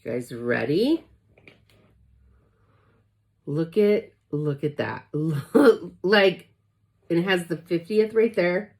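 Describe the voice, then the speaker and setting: A woman's voice: lowish voice, drawn-out words, pauses often, darkish tone. A woman talking through an unboxing, gushing and emotional as she addresses her viewers directly. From Los Angeles area. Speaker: product consultant vlogger. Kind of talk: excited unboxing chat.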